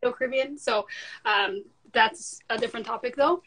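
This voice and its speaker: Bright, enthusiastic woman moderating a panel. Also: fairly high pitch, moderate pace, husky, poor audio. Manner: enthusiastic, uses Caribbean slang like "big up", asks long questions.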